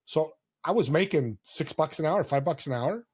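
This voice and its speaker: A man's voice: on the high side, expressive, normal speed, husky. A man in his sixties, a podcast guest, telling stories in an earnest, heartfelt way, now and then acting out other people's lines. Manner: warm, earnest storyteller who acts out quoted voices. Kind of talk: casual storytelling interview.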